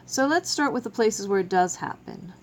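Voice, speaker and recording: A woman's voice: medium pitch, lively intonation, normal speed, slight background noise. A woman teaching a French verb lesson to students, explaining each step patiently. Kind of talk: classroom video lesson.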